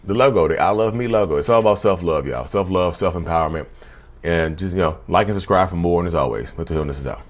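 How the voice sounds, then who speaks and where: A man's voice: deep voice, fast talker. A man hosting his own channel, talking casually and repetitively to viewers, often saying "y'all". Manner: conversational, repeats himself, often says "y'all". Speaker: channel host. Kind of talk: casual talk to camera.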